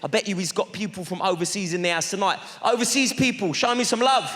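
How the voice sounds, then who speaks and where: A man's voice: high voice, quick pace. A man with a London accent doing stand-up crowd work with cheeky slang banter on a theatre stage. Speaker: stand-up comedian. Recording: live theatre, loud crowd, reverb. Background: audience laughter and applause.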